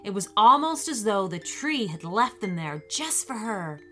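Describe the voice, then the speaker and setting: A woman reads a children's story slowly and soothingly, her fairly high voice rising and falling with lively expression. Soft music plays faintly behind her. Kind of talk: scripted children's story narration.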